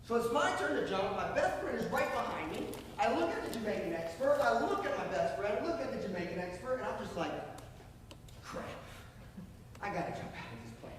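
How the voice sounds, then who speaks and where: A young man in his twenties telling a story to an audience, excitable and animated, acting out scenes with shouts and sound effects. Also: very high-pitched, fast, few pauses. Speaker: motivational speaker. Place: large hall. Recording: echoey hall from far off, noisy.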